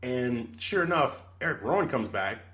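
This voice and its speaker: A male podcast co-host chats casually and rambles with plenty of fillers. His mid-range voice is animated, bright, and forceful, moving at a normal speed.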